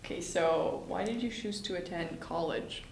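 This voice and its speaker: An interviewer asking short, soft-spoken questions in an oral history interview. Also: medium pitch, normal speed, creaky. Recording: echoey room, off-mic.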